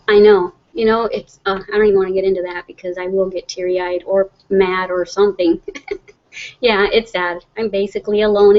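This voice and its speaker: A woman's voice: mid-range voice, highs cut off. A middle-aged woman, hosting a casual livestream, reading viewer comments aloud and chatting in a rambling way with frequent laughs. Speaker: livestream host.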